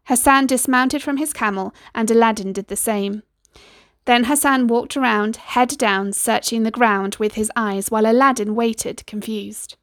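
Gravelly woman reading a storybook. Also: on the high side, moderate pace, a bit bright, no room sound, clean studio sound. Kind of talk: storybook narration.

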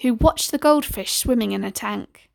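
A woman narrating a children's story aloud in a gentle, lilting storytelling manner. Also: on the high side, normal speed, creaky, no echo. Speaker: storybook reader.

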